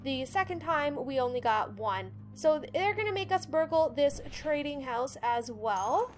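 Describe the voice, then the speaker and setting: A woman's voice: high voice, sing-song, unhurried, faint music behind. A woman hosting a let's play, chatting casually as she explains the controls and reads the tutorial text aloud. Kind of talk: casual gameplay commentary.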